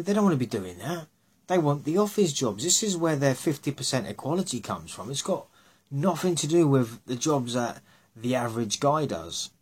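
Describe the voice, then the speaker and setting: A husky-voiced man holding forth in a casual rant, his tone grainy and slightly breathy. He talks bluntly and scornfully, leaning on sarcasm and the odd curse, sitting in an unremarkable middle pitch.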